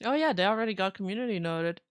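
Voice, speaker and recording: A woman's voice: mid-range voice, lively intonation, quick pace, no echo, studio quality. A woman streamer giving casual reaction commentary in a giggly, chatty way.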